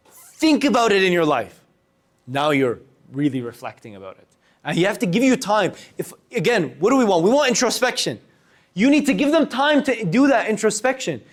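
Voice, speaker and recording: High-voiced young man teaching a speaking workshop. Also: normal speed. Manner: animated, varies loudness and pace for demonstration. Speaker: workshop instructor. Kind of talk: public speaking lesson to a student group. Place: room with a live audience.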